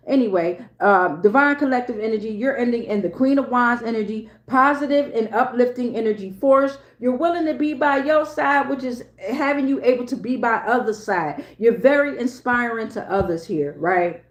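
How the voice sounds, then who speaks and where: A woman's voice: mid-range voice, moderate pace, roomy sound. A woman giving a casual tarot reading to a phone camera, slangy and emphatic, often repeating herself. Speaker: tarot reader.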